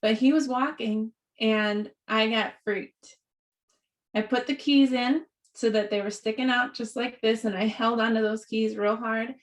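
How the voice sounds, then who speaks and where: A woman telling a personal story in an animated way, often laughing, speaking over a video call. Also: fairly high pitch. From rural upbringing. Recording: distant from the mic.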